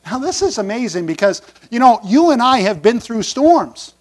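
High-voiced male preacher. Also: sing-song, moderate pace. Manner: conversational, asks the congregation questions, paraphrases scripture; swings between loud emphatic lines and quiet asides. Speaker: pastor. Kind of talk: sermon.

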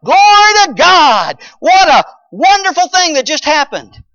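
A preacher acting out a fervent prophet man, high shouting, dull lo-fi sound. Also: very animated, fast talker. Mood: jubilant shouting. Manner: exclaiming loudly, shouting praise. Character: the prophet Jonah, grown man, fervent then sulking. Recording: dull lo-fi recording.

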